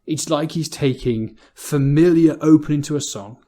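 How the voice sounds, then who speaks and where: An English preacher delivers a sermon in a church in an easy, conversational way. His voice is mellow and warm and sits in a middle pitch, and he often repeats a word before moving on. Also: steady tone, moderate pace. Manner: conversational, repeats words as he goes.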